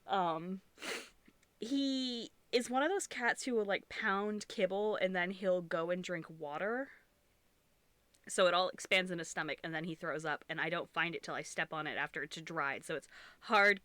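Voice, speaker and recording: A woman's voice: on the low side, measured pace, bright, forceful tone, no echo. A young woman streamer, congested and sniffling, chatting casually and rambling while she crochets, swearing freely and restarting her sentences.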